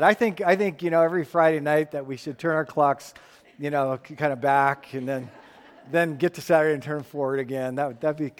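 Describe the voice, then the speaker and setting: A man's voice: a little high, big-room sound. A man preaching a sermon in a church, emphatic and playful with the congregation. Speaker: pastor.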